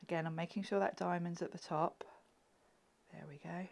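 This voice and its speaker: A woman's voice: on the low side, fairly even intonation, normal speed, creaky. A woman chatting and giggling through a live card-making demonstration, often dropping to a murmur as she works. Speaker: craft demonstrator.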